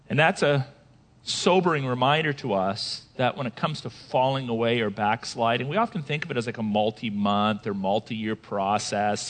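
A pastor with a medium-pitched voice preaches an animated sermon, asking his listeners questions and acting out the voices he quotes.

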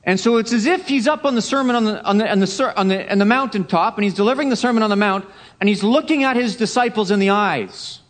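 A man preaching a Sunday sermon, emphatic, repeating key phrases and dropping to a hush for effect. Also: sits high, quick pace. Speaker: pastor.

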